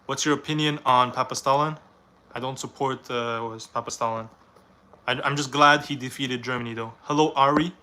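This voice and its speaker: A man's voice: medium pitch, fairly even intonation, normal speed, bright, forceful tone, a little hiss or hum. A young man from Canada, reading viewers' questions aloud on a live stream and answering them in a casual, rambling way.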